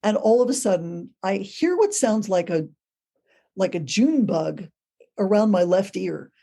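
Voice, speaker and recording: A woman guest on a podcast, a ghost tour guide, telling stories in a casual, animated way. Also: medium pitch, a little slow, vocal fry. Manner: animated, acts out quoted voices. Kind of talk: casual storytelling.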